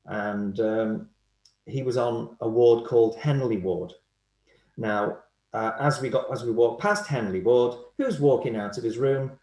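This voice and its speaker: Man, animated anecdotal storyteller, roomy echoey sound. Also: mid-range voice, unhurried. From Liverpool, England. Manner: animated storyteller, acts out quoted voices. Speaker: guest, hypnotherapist.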